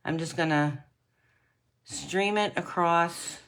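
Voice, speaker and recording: A woman casually demonstrating card-making techniques, chatting to viewers and often clearing her throat. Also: lowish voice, takes it slowly, a bit bright. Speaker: craft demonstrator.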